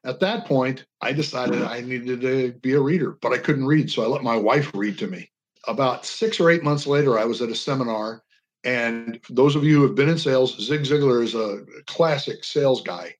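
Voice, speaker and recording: Calling in to a radio show as a guest, an older veteran advocate shares his stories earnestly and passionately, stressing points through his inflection. He has a medium-pitched voice and speaks at a normal speed.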